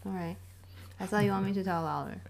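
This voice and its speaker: A woman co-hosting a casual podcast, playful and quick to laugh. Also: mid-range voice, creaky, heavy background noise. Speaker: podcast co-host. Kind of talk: casual chat.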